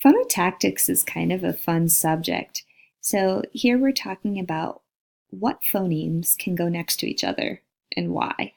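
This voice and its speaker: A woman's voice: lowish voice, unhurried, gravelly, a little mellow. A woman lecturing on linguistics, walking through slides and saying example words aloud to model each sound. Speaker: linguistics instructor. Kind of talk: recorded lecture over slides.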